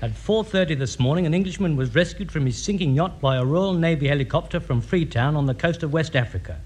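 A man playing a gruff neighbour who reads the paper aloud and mocks the radio ham, in an old comedy broadcast. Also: a little high, quick pace, a little mellow, natural voice. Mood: mocking.

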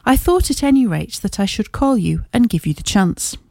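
A woman voicing a confident, observant male detective in a storybook reading, speaking in crisp, measured Victorian phrasing. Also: a little high, expressive, warm tone, dry recording. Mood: composed.

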